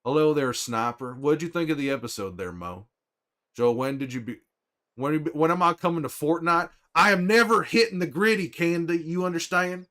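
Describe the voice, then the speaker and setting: A man voicing a gruff, weary middle-aged Texan man, folksy and teasing, chatting in character with viewers in a slow Southern drawl. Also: a little high, a bit bright. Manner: drawling, folksy, teasing, trails off with "there" and a name. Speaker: streamer in character. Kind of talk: in-character chat with stream viewers.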